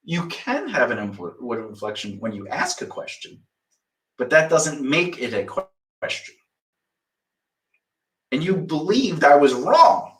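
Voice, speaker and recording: A man's voice: fairly high pitch, wildly swooping pitch, unhurried, pauses often, distant mic. A man insistently lecturing a younger colleague in a heated casual argument. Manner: insistent, lecturing, mimics others. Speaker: mentor. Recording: echoey room, off-mic.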